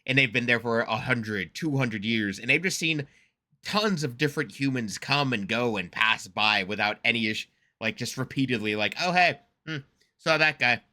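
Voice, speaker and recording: A man's voice: mid-range voice, normal speed, pushed and bright. An American man giving casual, rambling reaction commentary, laughing often and poking fun at himself. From United States. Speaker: reaction streamer.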